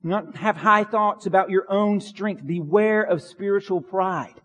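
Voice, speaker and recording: Male pastor preaching, fairly high voice, echoing church hall. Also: unhurried, fairly bright tone. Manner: earnest preaching, repeats phrases for emphasis. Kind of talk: sermon.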